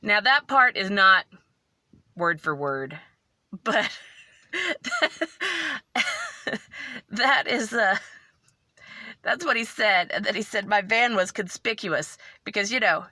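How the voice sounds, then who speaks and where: A woman vlogger telling a story in a casual, animated way, tearful and emotional. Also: mid-range voice, unhurried, long pauses, no room sound.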